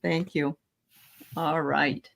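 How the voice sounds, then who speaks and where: Bubbly lady host reading cards, bit low voice, laughs a lot. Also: very slow, gravelly, a little hiss or hum. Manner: lively, warm laughter, upbeat. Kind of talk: casual chat and card reading.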